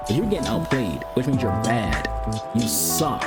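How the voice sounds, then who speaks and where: A man's voice: mid-range voice, very animated, moderate pace. A man streaming a soccer video game, trash-talking opponents and rambling through casual commentary with fillers and restarts. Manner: trash-talking, taunting, swearing. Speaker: gaming streamer. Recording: loud game music behind the voice.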